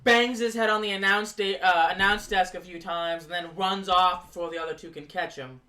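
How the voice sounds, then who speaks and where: A streamer recaps wrestling in loose, hesitant chat full of fillers. The voice sits at a middling pitch. A roomy echo surrounds it. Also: steady tone, a little fast, bright, forceful tone. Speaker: stream co-host.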